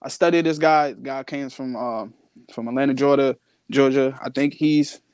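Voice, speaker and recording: A man's voice: medium pitch, steady tone, moderate pace, darkish tone, clean tone, no room sound, clean studio sound. A young man, a wrestler, talking in a casual live podcast interview, boastful and playful. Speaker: guest wrestler.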